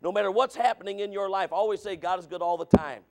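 A man preaching a sermon, asking the congregation questions and calling for amens, dropping to low asides and rising to shouted points. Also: fast, a little hiss or hum. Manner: preaching with rhetorical questions and calls of amen.

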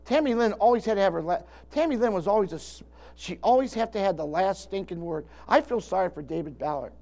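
Gray-haired male preacher, homespun and rambling, voice a touch high. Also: animated, quick pace, vocal fry, warm tone. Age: older. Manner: folksy, rambling, with many restarts. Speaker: pastor. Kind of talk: sermon.

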